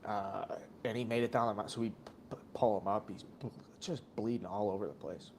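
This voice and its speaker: A man's voice: fairly low pitch, brisk, vocal fry, darkish tone, slight background noise. A man co-hosting a casual sports stream, telling a long rambling story full of swearing and acted-out quotes. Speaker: podcast co-host watching a game.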